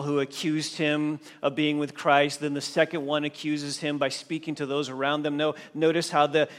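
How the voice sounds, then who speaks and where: A man preaching a sermon as pastor, swinging from hushed, drawn-out phrases to loud emphatic lines. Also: on the high side, long reverb tail.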